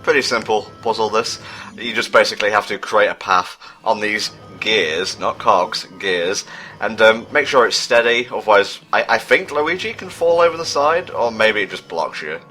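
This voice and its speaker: A man commentating a video game with a dry, teasing and pedantic manner. His voice sits a little low but sounds bright and forward. Faint game music runs underneath. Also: moderate pace. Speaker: let's play co-host. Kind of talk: casual gameplay commentary.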